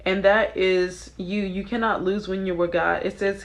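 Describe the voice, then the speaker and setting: A woman's voice: medium pitch, little pitch movement, moderate pace, rough recording. A young adult woman talking casually and earnestly to her viewers, giving a spiritual reading with many fillers and asides. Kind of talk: casual devotional talk to viewers.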